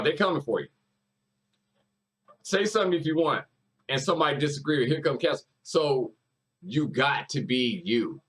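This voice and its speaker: A man's voice: fairly high pitch, fairly bright tone, slightly rough, poor audio. A man hosting a music reaction video, talking casually and emphatically, repeating lyrics and hyping up the artist.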